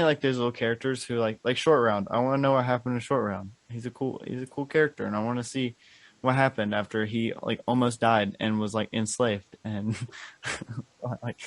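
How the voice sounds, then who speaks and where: A man's voice: mid-range voice, dry recording. Dry-sounding man in eager podcast chat. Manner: enthusiastic, rambling, many fillers. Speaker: podcast co-host. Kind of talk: casual chat.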